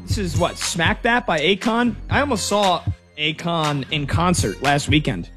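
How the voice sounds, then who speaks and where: Thirties guy on sports radio, kinda high voice, rambly chatty storyteller. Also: animated, a little slow, music in the background. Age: 30s. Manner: rambling, storytelling with many restarts. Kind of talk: casual sports talk radio.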